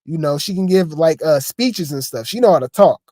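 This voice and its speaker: A man's voice: fairly high pitch, lively intonation, moderate pace, mellow, dry recording, studio quality. A man giving casual reaction commentary on video clips, chatty and stammering, throwing asides to his viewers. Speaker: commentary host.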